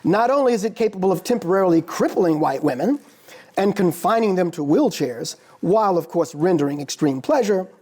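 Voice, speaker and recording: A man, a philosophy professor, giving a formal lecture in a measured, deliberate way with dramatic pauses. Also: sits high, mellow. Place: lecture hall.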